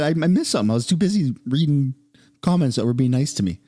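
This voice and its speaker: Streamer type: excitable man reacting live, lively swooping delivery, exclaims and curses freely. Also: mid-range voice, fast, breathy edge. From Canada. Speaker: streamer reacting to political clips.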